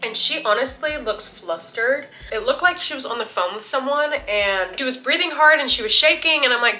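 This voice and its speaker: A woman beauty vlogger telling a story in a casual, chatty way while doing her makeup, with lots of "like" and an animated retelling. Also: on the high side, a little fast, hardly any pauses.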